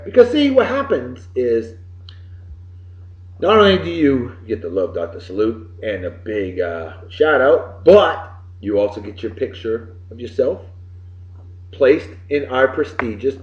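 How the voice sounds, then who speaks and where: Podcast host, New man in his late 30s, exuberant and lively, in a roomy room on a muffled recording. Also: medium pitch. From Massachusetts. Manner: exuberant, swings between loud bursts and mumbled asides. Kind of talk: casual birthday shout-outs.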